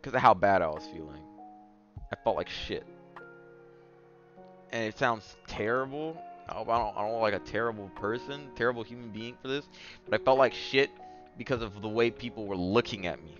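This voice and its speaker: Animated man telling a dating story. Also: lowish voice, moderate pace, dull audio, faint music behind. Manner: animated, swings from mumbling asides to yelling bursts. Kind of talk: casual storytelling.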